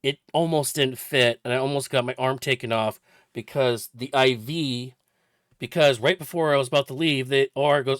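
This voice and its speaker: A man's voice: mid-range voice, fairly quick, fairly bright tone, no echo, clean studio sound. Man in his forties telling a story. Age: 40s. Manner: chatty, rambling recounting with detail. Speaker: vlogger. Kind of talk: casual personal storytelling.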